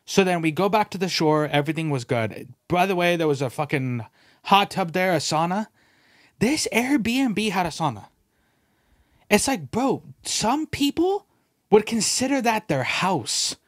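A man hosting a podcast, telling stories in a casual, animated way, swearing freely and acting out quoted voices. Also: high-pitched, measured pace, dry recording, clean studio sound. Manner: animated, profane, peppered with "bro" and "dude". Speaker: podcast host. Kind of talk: casual storytelling chat.

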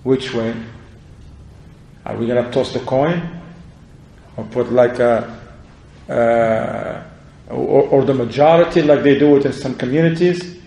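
A man's voice: steady tone, measured pace, gravelly, pauses often, mellow. Earnest man preaching in an echoey room. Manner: earnest, emphatic, rising and dropping pitch for stress. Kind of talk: sermon.

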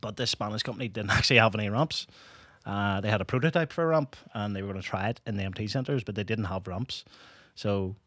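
A man's voice: lowish voice, quick pace, hardly any pauses, a bit bright, dry recording, clean studio sound. A man with a Northern Irish accent co-hosting a podcast, explaining things at length in casual chat. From Northern Ireland. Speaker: podcast co-host.

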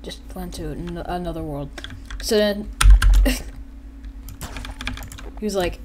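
A woman giving casual, rambling gameplay commentary as a YouTuber, excitable and quick to act out characters and sound effects. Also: on the low side, slight background noise. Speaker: gaming YouTuber.

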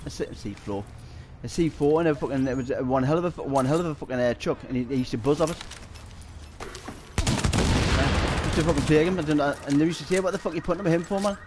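A man's voice: medium pitch, a little fast, noisy background. A man with a Geordie accent streaming a shooter game, rambling through stories, swearing constantly and laughing often. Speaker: gaming streamer. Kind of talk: casual chat while streaming a shooter game.

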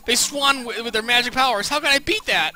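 A man's voice: very high voice, brisk, bright, forceful tone, faint music behind, heavily acted. A man voicing a jealous, sulky character in a video game, grumbling and snippy.

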